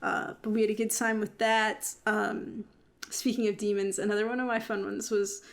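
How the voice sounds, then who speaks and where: A woman's voice: medium pitch, flat delivery, normal speed. A woman co-hosting a podcast in casual chat, rambling with fillers and giggling often. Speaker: podcast co-host.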